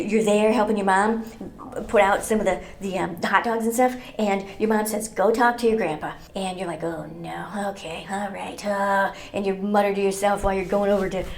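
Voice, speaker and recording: A woman's voice: medium pitch, lightly acted. A woman voicing a brash, chatty female cat who hosts a comedic advice show. She talks bluntly and doubles up on words when she starts a sentence. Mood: storytelling. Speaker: advice columnist host. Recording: roomy echo.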